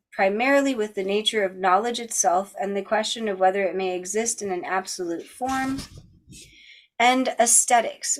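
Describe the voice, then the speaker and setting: A woman with a medium-pitched voice hosts a book club, reading a philosophy text aloud at a steady pace. Every so often she stops to drop in casual, chatty asides.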